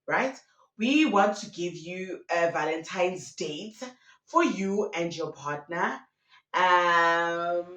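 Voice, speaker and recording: Woman, animated and mocking. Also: lowish voice. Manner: dramatic, mocking, switches into voices of the people in the story. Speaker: commentator retelling a radio prank. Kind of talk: animated storytelling commentary. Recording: roomy echo.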